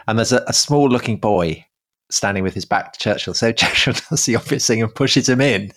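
A man's voice: medium pitch, brisk, fairly bright tone. A man co-hosting a history discussion, adding wry conversational asides. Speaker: podcast co-host.

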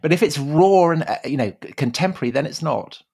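A man co-hosting a podcast, chatting in an animated way with quick, jokey interjections. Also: a little high, gravelly, breathy edge. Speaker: podcast co-host. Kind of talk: casual chat.

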